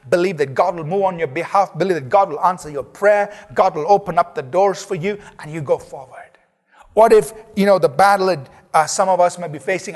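A man preaching a sermon as pastor, emphatic and repetitive, often dropping to soft, low lines. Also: in a large hall.

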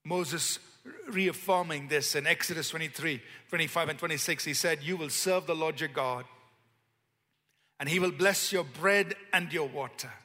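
A man preaching a sermon, stressing key words slowly and leading the congregation in call-and-response. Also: on the high side, pushed and bright. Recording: long hall reverb.

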